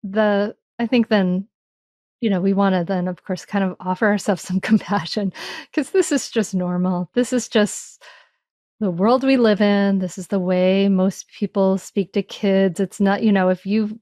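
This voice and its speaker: A reflective woman speaks as an interview guest about her own experience, circling back and restarting her thoughts with many "you know"s. Her voice sits at a middle pitch. The recording is dry and close, with almost no room sound. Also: steady tone, a little slow, a little mellow, no room sound. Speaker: parenting author guest. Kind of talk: conversational interview answers.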